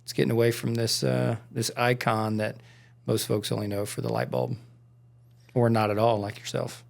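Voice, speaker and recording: A man with a gravelly, fry-edged voice at a middle pitch chats casually as a podcast co-host. He tells history stories in a loose, rambling way, full of "um" and "I mean". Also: little pitch movement, normal speed. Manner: rambling storyteller, lots of fillers. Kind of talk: casual chat. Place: studio.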